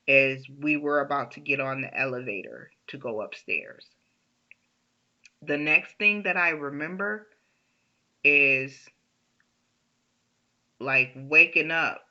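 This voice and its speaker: Slow, chatty woman telling a story. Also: low voice, bright, forceful tone, lo-fi sound. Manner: chatty, laughing, lots of "like". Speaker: storyteller, vlogger. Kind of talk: casual storytime.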